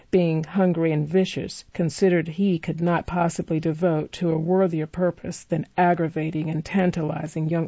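Casting: warm, mellow audiobook narrator, measured storytelling, dry muffled recording. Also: mid-range voice, no echo. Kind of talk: audiobook narration of a classic novel.

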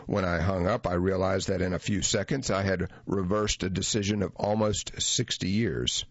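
A man with a very low voice reads a memoir as an audiobook, measured and reflective in his delivery. The recording is close and dry, with a slightly dull, muffled tone to it. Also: steady tone, no room sound. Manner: measured, reflective first-person reading. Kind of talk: audiobook narration of a memoir essay.

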